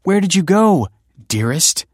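A man's voice: high-pitched, big pitch swings, a little slow, no echo, clean studio sound, voice pushed up, heavily acted. A man voicing a breezy, playful woman, raising his voice to play her.

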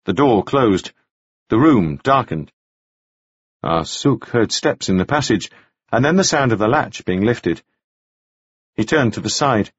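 Male narrator, husky voice, lively pitch, dull dry recording. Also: unhurried, pauses often, dry recording. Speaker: audiobook narrator. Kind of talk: scripted narration.

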